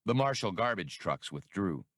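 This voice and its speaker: A male audiobook narrator with a low voice and a lively, varied delivery, telling the story in a measured way. The recording is dry and close. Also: dry recording. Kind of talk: scripted narration.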